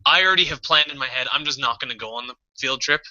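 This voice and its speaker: A man co-hosting a podcast, telling a personal story in casual chat, animated and swearing often, acting out his own past panic. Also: mid-range voice, fast. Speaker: podcast co-host. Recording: dull lo-fi podcast audio.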